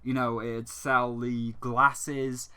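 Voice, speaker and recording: A young man chats loosely through a casual gaming vlog, full of fillers and restarts. His voice sits at a middling pitch for a man with a bright, forward tone. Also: level tone, extremely slow, clean tone. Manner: rambling, chatty, many fillers. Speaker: gaming YouTuber. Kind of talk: casual vlog over gameplay.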